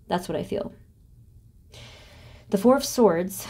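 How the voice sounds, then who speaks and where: A woman's voice: on the low side, moderate pace, long pauses, mellow. A woman doing a solo tarot reading, thinking aloud as she names cards and asks spirit questions. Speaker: tarot reader.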